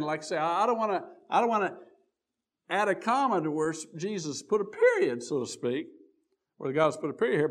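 A man preaching a sermon, reading old-style scripture aloud and stopping often to restart, his voice swelling on key words and then dropping low and quiet. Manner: reads scripture aloud in King James wording with frequent restarts.

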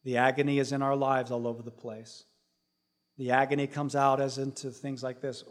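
A man preaching a sermon, dropping to a hushed low voice and then building to loud, rising emphasis, with repeated phrases stacked for effect. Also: flat delivery, normal speed. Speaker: pastor.

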